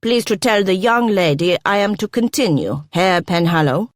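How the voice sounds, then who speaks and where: A woman's voice: mid-range voice, animated, normal speed, dry recording, studio quality, lightly acted. Woman doing a pompous German doctor. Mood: affronted. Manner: officious, petulant.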